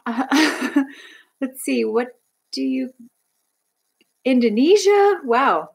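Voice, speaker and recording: Woman, young adult, from Canada, livestream host, casual chat, bubbly, rambling, slightly high voice. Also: lively intonation, drawn-out words, creaky, breathy edge, rough recording. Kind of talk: casual livestream chat reading viewer comments.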